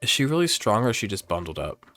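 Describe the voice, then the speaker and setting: A man's voice: lowish voice, very animated, fast talker, sharp tone. A man giving campy, chatty let's play commentary while playing a game, joking and swearing freely. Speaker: gamer, host.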